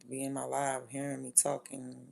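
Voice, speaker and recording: Gravelly, blunt DC-woman streamer. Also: extremely low pitch, completely flat delivery, moderate pace. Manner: blunt, profane, drops from loud to near-whispered asides. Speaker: livestreamer. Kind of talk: casual livestream chat.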